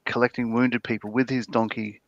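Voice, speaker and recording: A man's voice: mid-range voice, little pitch movement, fairly quick, muffled recording, slight background noise. A man with an Australian accent chatting casually on a livestream, rambling with lots of fillers and restarts. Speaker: livestream co-host. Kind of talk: casual chat, reading viewer comments.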